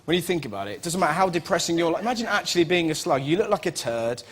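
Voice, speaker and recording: A man, telling animated comic anecdotes as a chat show guest and squealing for quoted voices. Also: a little high, rapid-fire, noisy background. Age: 20s. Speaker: comedian guest. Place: TV studio with audience.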